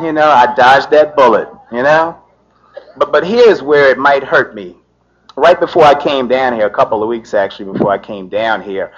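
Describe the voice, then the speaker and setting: A middle-aged man, a lawyer, telling a personal story in an animated way, filling his talk with "you know" and laughing as he goes. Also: mid-range voice. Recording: dull lo-fi recording.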